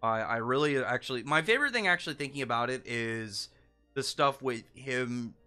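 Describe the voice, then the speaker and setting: A man's voice: mid-range voice, lively intonation, moderate pace, bright, forceful tone, soft background music. A young man reviewing a manga chapter in casual solo commentary, rambling with frequent restarts and lots of filler words.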